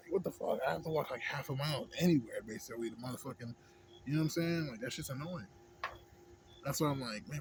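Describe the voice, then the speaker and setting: A man's voice: mid-range voice, darkish tone, a little hiss or hum. A man, ranting in a vlog, rambling and swearing heavily, asking "you know what I'm saying" again and again. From Houston, Texas. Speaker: vlogger. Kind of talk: profane ranting monologue.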